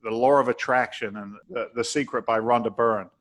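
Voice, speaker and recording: A man's voice: mid-range voice, fairly even intonation, normal speed, fairly bright tone. Blunt, emphatic English-born man. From England. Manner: emphatic, preachy, blunt with mild swearing. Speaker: podcast guest, entrepreneur. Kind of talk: motivational interview talk.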